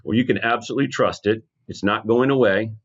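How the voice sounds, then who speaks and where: A man's voice: fairly low pitch, fast talker, fairly bright tone, husky, dull audio. A man as a guest advisor in a podcast interview, answering confidently and upbeat with many restarts.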